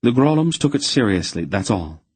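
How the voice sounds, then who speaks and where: A man doing a calm, wise aunt. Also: lowish voice, moderate pace, breathy edge, no room sound, voice pushed up, full character voice. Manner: calm, matter-of-fact, lightly dry. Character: calm wise older woman, protective aunt.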